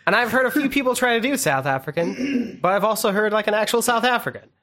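A man's voice: sits high, animated, fast, a bit bright. A man co-hosting a podcast in casual chat, dry and playfully teasing. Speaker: podcast co-host.

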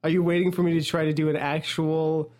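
A man's voice: on the high side, flat delivery, a little fast, darkish tone. Male podcast co-host, giggly and rambling, casual comedic banter. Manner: giggly, rambling, laughs often.

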